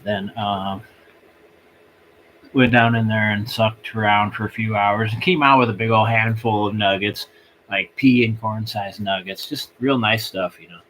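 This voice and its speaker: Rambling live-stream host, a man, low voice, faint hiss behind. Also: steady tone, fairly bright tone. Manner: rambling and halting, circling back. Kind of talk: casual live-stream storytelling.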